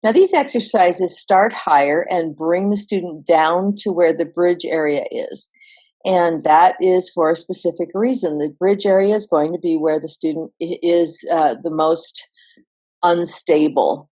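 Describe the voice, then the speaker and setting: A woman vocal coach explaining singing exercises in a relaxed, instructional way. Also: on the low side, measured pace. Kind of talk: instructional voice lesson.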